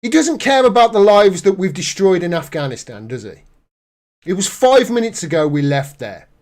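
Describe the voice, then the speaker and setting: A man's voice: sits high, sing-song, normal speed, darkish tone. A man hosting a live political commentary stream, reading news aloud and reacting with indignant sarcasm.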